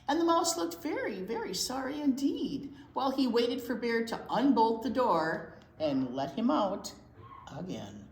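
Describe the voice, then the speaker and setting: A woman, a children's librarian, reading a picture book aloud to young children and pausing to talk about the pictures. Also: on the high side. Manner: unhurried, expressive reading to young kids. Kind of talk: children's read-aloud storytime. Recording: roomy echo.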